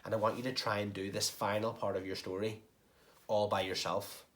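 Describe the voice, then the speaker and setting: A man's voice: on the low side, level tone, a little fast, a bit bright. A man teaching a recorded writing lesson to young pupils, explaining step by step and encouraging them. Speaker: primary school teacher. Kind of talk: recorded home-learning lesson.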